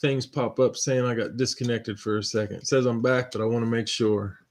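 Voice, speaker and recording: A man hosting a live stream, steadily reading out viewer names and teams with relaxed asides. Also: medium pitch, fairly quick. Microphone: computer mic on a live stream.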